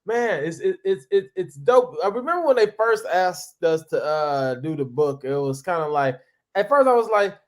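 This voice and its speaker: A man in his thirties, an interview guest, telling stories in a casual, animated way, acting out other people's voices and often restarting his sentences. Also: high-pitched, moderate pace. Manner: animated, acts out quoted voices, frequent restarts. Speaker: interview guest, former reality TV cast member.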